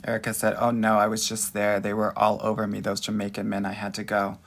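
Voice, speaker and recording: A man's voice: lowish voice, completely flat delivery, quick pace, a bit bright. Sassy man calling everyone honey. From United States. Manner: sassy, flamboyant, calls listeners honey and girl. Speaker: dating coach. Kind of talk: live-stream Q&A reading viewer comments.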